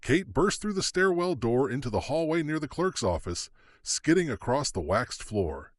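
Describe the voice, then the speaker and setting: A man's voice: mid-range voice, very animated, normal speed, no echo. A man narrating an audiobook thriller dramatically, his pacing shifting with the action. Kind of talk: scripted narration.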